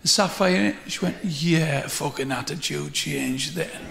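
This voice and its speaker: A man's voice: a little high, a little slow, gravelly, background noise. A man telling a swearing stand-up story, acting out both sides of a phone call. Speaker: stand-up comedian. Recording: roomy echo.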